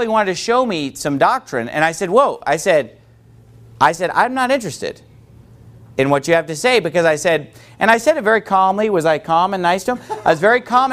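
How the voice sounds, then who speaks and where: A man's voice: sits high, expressive, a little fast, a bit bright. A man preaching a sermon as pastor, emphatic and questioning, putting questions to his listeners.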